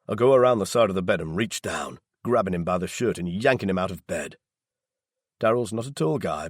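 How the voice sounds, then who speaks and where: A man reads a first-person audiobook in a very deep, husky voice with a tense, low intensity. The sound is close and completely dry, with no room around it. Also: no room sound. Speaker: audiobook narrator.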